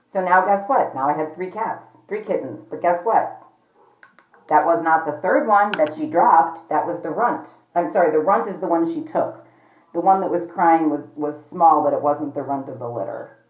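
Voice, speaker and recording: A woman's voice: low voice, normal speed. A woman vlogging at home in a chatty, rambling way, often calling her viewers "you guys". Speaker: pet vlogger. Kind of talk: casual chat to camera. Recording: echoey, slightly dull home recording.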